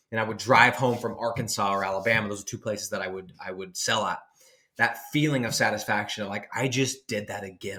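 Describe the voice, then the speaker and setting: Bright-voiced emphatic man, rambling motivational talk. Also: lowish voice. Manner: emphatic, rambling with many restarts. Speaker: online business coach.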